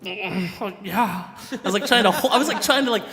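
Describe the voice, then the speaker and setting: A man from a band telling a lively story in casual chat, laughing and acting out what people said. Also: extremely high pitch, very fast. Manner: animated, laughing, acts out quotes. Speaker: band member, musical guest. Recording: long hall reverb.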